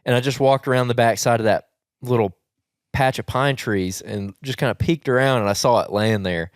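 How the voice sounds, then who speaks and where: A man with a Southern US accent hosting a podcast, telling a hunting story in rambling, animated casual chat with frequent laughs. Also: medium pitch, fairly quick, smooth, dry recording, studio quality. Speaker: podcast host.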